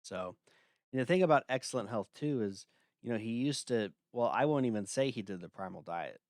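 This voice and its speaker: A man's voice: medium pitch, expressive, a little fast, darkish tone, dry recording, studio quality. A man hosting a livestream, talking casually in a blunt, dismissive way with lots of filler words. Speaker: livestream host.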